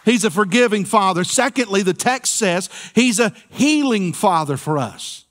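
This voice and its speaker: A man's voice: sits high, animated, normal speed, a bit bright. A man pastor preaching a sermon in a church, folksy and playful, with call-and-response asides to the congregation. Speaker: senior pastor. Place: church sanctuary.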